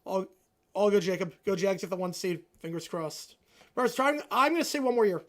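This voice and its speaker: A man hosting a live stream, chatting casually and answering viewers' questions, swinging between loud excited rants and quiet low asides. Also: normal speed. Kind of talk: casual live reaction chat.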